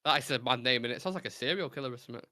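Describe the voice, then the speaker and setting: Bright-voiced man reading rhyming quiz clues. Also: medium pitch, no room sound, clean studio sound. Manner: reads rhyming clues in a sing-song way, quick banter. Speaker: co-host running a player quiz. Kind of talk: casual livestream chat.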